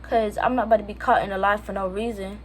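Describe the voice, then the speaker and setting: A woman's voice: medium pitch, quick pace, a little hiss or hum. A teenage girl from Jamaica telling a casual storytime on her channel, chatty with lots of fillers. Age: teens. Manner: chatty, lots of fillers, quotes others in lively voices. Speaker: vlogger. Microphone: phone camera.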